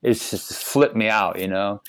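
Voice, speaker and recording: A man's voice: on the low side, steady tone, measured pace, fairly bright tone, dry recording. A middle-aged man from Ohio, a guest telling his life story in a loose, slangy way, full of "like" and "dude". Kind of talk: casual storytelling.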